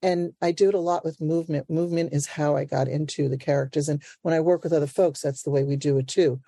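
A woman's voice: deep voice, steady tone, fast, creaky, dark tone, slightly rough, dry recording, studio quality. An older woman from Brooklyn, a playwright and actor, talking animatedly in an interview and laughing often. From Brooklyn, New York. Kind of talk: conversational interview.

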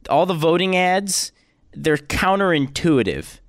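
A man's voice: fairly high pitch, a little slow, no echo, studio quality. A young man co-hosting a podcast, ranting and joking in casual chat. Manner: animated, ranting, jokey. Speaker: podcast co-host.

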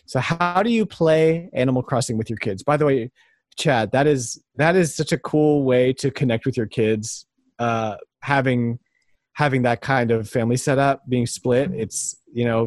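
A man in his thirties chats on a podcast in an easy, rambling, earnest way. His voice sits at a middle pitch and sounds dry and close to the microphone. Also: a little mellow, dry recording. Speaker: podcast co-host. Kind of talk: casual podcast chat.

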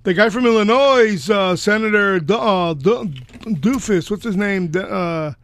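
An older man co-hosting a political chat, arguing sarcastically and pausing with "uh" as he searches for names. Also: sits high, a bit bright, no room sound. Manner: argumentative, sarcastic, with halting "uh" pauses. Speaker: podcast co-host.

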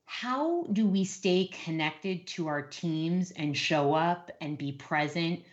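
A woman hosting a relaxed interview over a video call, upbeat and affirming toward her guest. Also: fairly low pitch, takes it slowly, dull audio. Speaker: interview host. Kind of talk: casual interview.

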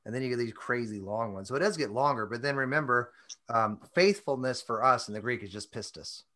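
A man's voice: mid-range voice, fairly quick, pushed and bright. A man teaching a Bible study in casual chat, thoughtful and often breaking off mid-thought. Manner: thoughtful, self-interrupting, chatty.

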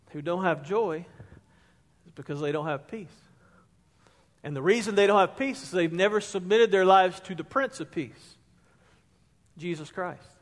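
A man's voice: sits high, a bit bright. A man preaching a sermon as pastor, reading scripture aloud and pressing hard on key words. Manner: emphatic, rising to stress key words. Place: church sanctuary. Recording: long reverb of a church hall.

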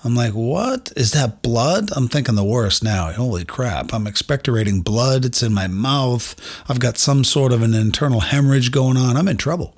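Middle-aged male podcast host, husky voice, candid and self-deprecating storyteller who talks straight to his listeners. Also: mid-range voice, moderate pace. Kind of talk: personal storytelling monologue.

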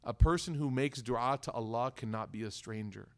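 A man's voice: medium pitch, normal speed. A young man teaching a religious lesson in a casual, conversational way, acting out little dialogues as he tells stories. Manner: conversational, acts out dialogues in storytelling. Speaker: Islamic teacher. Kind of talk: religious talk.

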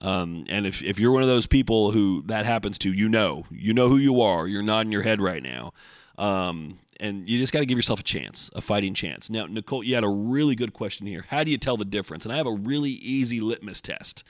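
Male podcast host, lower register, dry and close, casual profane rambling monologue. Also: no room sound. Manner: blunt, profane, rambling with restarts. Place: home, recording before the gym.

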